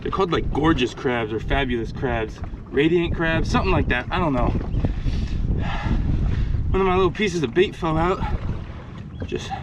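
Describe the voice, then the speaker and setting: An easygoing man vlogs from a small boat at sea, thinking aloud as he checks his gear. He sits back from the mic, his voice slightly raised, and loud wind buffets the recording. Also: fairly high pitch, normal speed, pauses often, far from the mic. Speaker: fishing channel host. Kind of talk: casual on-the-spot vlogging. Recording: windy outdoor mic, speaker off-mic.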